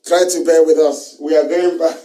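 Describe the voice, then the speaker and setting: A man's voice: on the high side, steady tone, normal speed, mellow. A man with a Nigerian accent giving a live broadcast monologue, repeating his phrases emphatically and chuckling between lines. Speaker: political broadcaster. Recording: roomy sound, mic from a distance.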